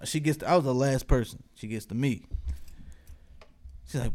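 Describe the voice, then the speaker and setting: A man telling a story in casual chat with friends, animated and swearing, often breaking into laughter. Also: mid-range voice, normal speed.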